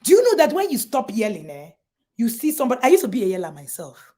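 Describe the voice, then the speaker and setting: A middle-aged woman with a Nigerian accent giving an emphatic motivational talk to parents as a parenting coach, often raising her voice in mock shouts to make a point. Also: fairly high pitch, wildly swooping pitch, quick pace.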